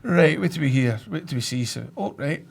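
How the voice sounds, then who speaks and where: A man's voice: on the high side, lively intonation, brisk, gravelly. A man with a Scottish accent, a wrestler co-hosting a podcast, joking and playful. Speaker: wrestler co-host. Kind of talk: casual podcast chat.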